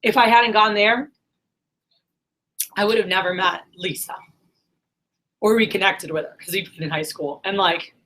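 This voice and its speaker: A woman's voice: mid-range voice, moderate pace, long pauses, fairly bright tone. A woman in her thirties telling a personal story in a casual, rambling monologue full of fillers. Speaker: vlogger.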